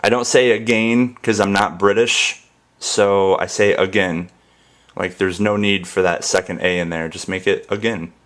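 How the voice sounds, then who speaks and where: Young American man, very low voice, goofy casual rambler. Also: steady tone, moderate pace, a bit bright. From United States. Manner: goofy, playful, repeats words in different ways. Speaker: ASMR channel host.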